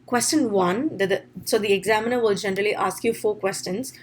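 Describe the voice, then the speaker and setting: A woman's voice: medium pitch, brisk, slight background noise. A woman teacher giving an online exam-prep lesson, explaining step by step and checking in with "all right?". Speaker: IELTS teacher.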